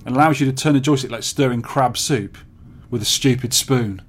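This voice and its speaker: A man's voice: medium pitch, brisk, breathy edge. An English man co-hosting a podcast, rambling in a dry, offhand way about arcade joysticks. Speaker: podcast co-host. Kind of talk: casual chat about arcade hardware.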